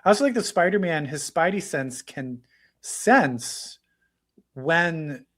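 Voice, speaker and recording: A man with a somewhat high voice co-hosts a podcast, talking in a loose, excited way. He gushes and swears freely as he recaps. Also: slow pace. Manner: excited, profane, gushing. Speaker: podcast co-host. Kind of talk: casual chat.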